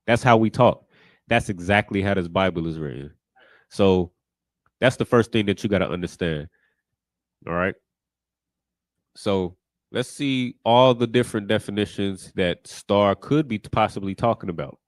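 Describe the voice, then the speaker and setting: A man's voice: fairly low pitch, moderate pace, long pauses, no room sound. A man teaching a scripture class in a casual, conversational way, often repeating "you know what I mean".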